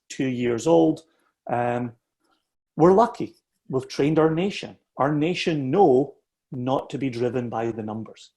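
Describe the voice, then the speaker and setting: A man's voice: medium pitch, gravelly, mellow. A man, a whisky bottler giving a passionate explanation that is punctuated with "right?". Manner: emphatic, keeps asking "right?".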